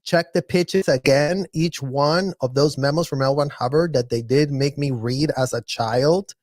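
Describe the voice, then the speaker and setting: A man's voice: on the high side, darkish tone, no echo. Impassioned man speaking emphatically. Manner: impassioned, emphatic, slows to stress words. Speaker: guest on live stream. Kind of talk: casual chat, impassioned commentary.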